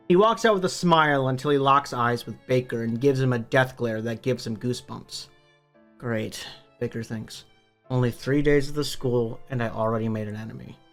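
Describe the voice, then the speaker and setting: A man narrating a book summary for his online channel, upbeat and conversational, with the odd casual swear. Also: mid-range voice. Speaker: book review YouTuber.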